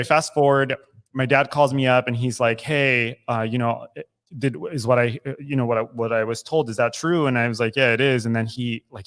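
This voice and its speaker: A man in his thirties co-hosting a recovery podcast, speaking candidly and emotionally with frequent restarts. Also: medium pitch. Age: 30s. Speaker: podcast co-host. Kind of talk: casual recovery podcast talk. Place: recovery club room.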